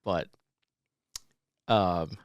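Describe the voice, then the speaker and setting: A man's voice: low voice, drawn-out words, no room sound, muffled recording. A man co-hosting a podcast, chatting casually and rambling with lots of fillers and swearing. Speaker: podcast co-host. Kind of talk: casual chat.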